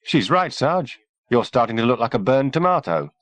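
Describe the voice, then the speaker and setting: A man's voice: medium pitch, very animated, normal speed, dry recording, voice pushed up, natural voice. A man voicing a cheeky, good-humoured young soldier teasing his sergeant.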